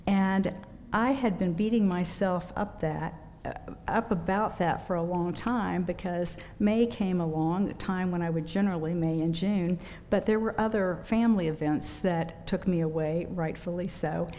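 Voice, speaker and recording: Woman rector, lowish mellow voice, slow gentle sermon delivery, long church reverb. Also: slight background noise. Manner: gentle, unhurried preaching with pauses. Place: church sanctuary.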